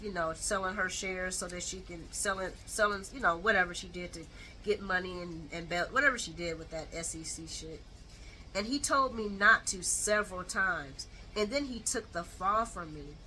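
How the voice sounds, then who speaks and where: Bright-voiced woman recapping, blunt and animated. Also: mid-range voice, moderate pace, slight background noise, rough recording. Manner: animated, blunt, colloquial, with mocking asides. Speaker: soap opera recap host. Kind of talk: casual chat recap.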